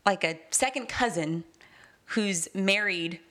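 A woman's voice: mid-range voice, takes it slowly, pushed and bright. A woman co-hosting a podcast, chatting casually and enthusiastically, often trailing off mid-sentence. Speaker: podcast co-host. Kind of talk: casual chat.

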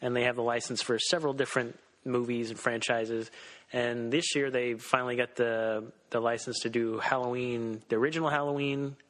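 A man co-hosting a podcast in casual chat, talking excitedly with many restarts. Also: medium pitch, fairly quick, poor audio. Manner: excitable, lots of fillers and restarts. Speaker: podcast co-host.

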